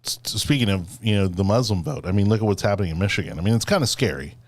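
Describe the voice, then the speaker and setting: A man's voice: lowish voice, lively intonation, rapid-fire, no room sound. A man hosting a casual political podcast chat, rambling with lots of fillers and restarts. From Florida. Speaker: podcast host.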